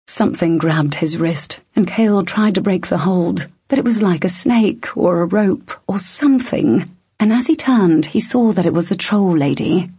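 A woman narrating an adventure story in steady storytelling. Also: lowish voice, slightly rough, no room sound. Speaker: audiobook narrator. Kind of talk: scripted narration. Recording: dull lo-fi audio.

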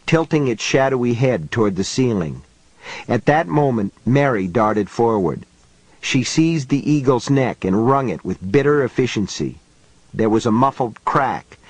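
Guy narrating an audiobook, slow and steady, dry close sound. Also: medium pitch, no room sound, rough recording. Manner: measured, unhurried storytelling. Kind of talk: scripted narration.

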